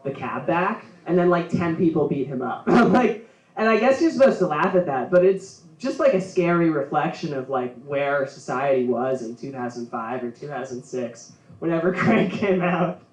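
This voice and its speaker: A man's voice: on the high side, lively intonation, moderate pace. A man doing a stand-up set at a comedy venue, rambling and laughing at his own jokes. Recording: roomy, from far off.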